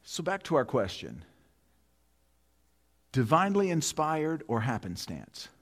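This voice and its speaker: A man's voice: a little high, sing-song, unhurried. A man in his fifties, a pastor preaching a sermon, telling a vivid personal story and then building to emphatic, repeated appeals. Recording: long reverb of a large hall.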